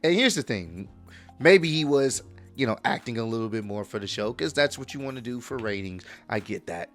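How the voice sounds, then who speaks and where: A man casually reacting to a video and chatting in a relaxed, slangy way. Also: medium pitch, a little fast. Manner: laid-back, chatty slang. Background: faint instrumental music.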